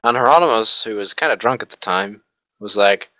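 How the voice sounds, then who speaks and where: A man's voice: lowish voice, brisk, no echo, rough recording. A man telling a swearing-laced war story to friends in a casual gaming voice chat. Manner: animated storyteller, swears freely.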